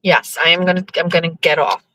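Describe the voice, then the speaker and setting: A woman's voice: lowish voice, fairly even intonation, quick pace, sharp tone, no echo, rough recording. A young woman host chatting casually to her listeners while driving, rambling and cursing in exasperation. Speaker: show host.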